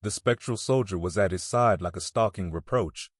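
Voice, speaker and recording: A male narrator reads a classic novel aloud in a measured, steady manner. His voice sits low, and the sound is dry and close, with no room around it. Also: slightly rough, no room sound. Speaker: audiobook narrator. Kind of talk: audiobook reading of a classic novel.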